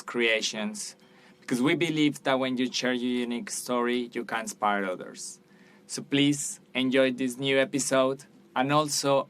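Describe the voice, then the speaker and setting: A man's voice: medium pitch, a bit bright, smooth. A man hosting a podcast, welcoming and upbeat, with loose phrasing. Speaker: podcast host. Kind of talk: casual interview hosting.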